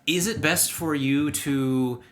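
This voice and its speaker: A man's voice: a little high, takes it slowly, fairly bright tone, a little hiss or hum. A man co-hosting a casual podcast chat who drops dry, joking asides. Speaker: podcast co-host.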